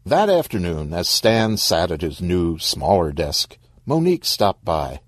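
A man narrating a short story in a wry, expressive storybook reading. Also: low voice, measured pace, no room sound, clean studio sound.

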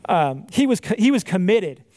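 A man's voice: high voice, sing-song, normal speed, a little mellow, no room sound. A man giving a casual, conversational sermon. He often asks "right?" and restarts his sentences as he goes. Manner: conversational, frequent "right?" and "like", self-correcting restarts. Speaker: pastor.

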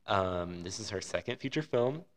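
A man's voice: fairly low pitch, expressive, normal speed. A man co-hosting a podcast, chatting casually and enthusiastically about a movie he saw. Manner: rambling, enthusiastic opinions. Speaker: podcast co-host. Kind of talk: casual film review chat.

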